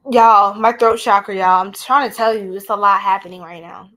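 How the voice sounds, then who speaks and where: This American tarot reader is young, with a medium-pitched voice, a moderate pace and hardly any pauses. She's live-streaming a reading, animated and chatty, talking directly to viewers as "y'all."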